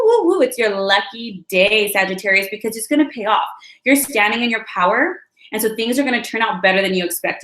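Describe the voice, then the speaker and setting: Chatty reassuring woman reading tarot cards. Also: mid-range voice. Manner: chatty, reassuring, addresses viewers as guys; animated with quick asides and many fillers. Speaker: tarot reader. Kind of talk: weekly astrology card reading. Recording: echoey room.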